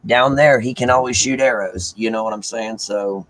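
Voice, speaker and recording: A man's voice: lowish voice, moderate pace, fairly bright tone, low-quality recording. A man talks through a long personal story at an easy pace. He rambles with lots of fillers and slips into the voices of the people he quotes. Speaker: caller sharing news. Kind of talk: casual storytelling chat.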